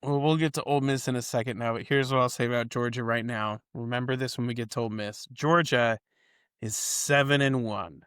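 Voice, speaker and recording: A man talks through football rankings in an easy, chatty podcast voice, laying out his reasons one point at a time. His voice sits at an ordinary middle pitch. The sound is close and dry, with no room echo. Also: fairly even intonation, brisk, a bit bright, clean tone. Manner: explains the model's logic at length, builds points step by step. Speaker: co-host of a college football ratings show. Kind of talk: casual podcast chat.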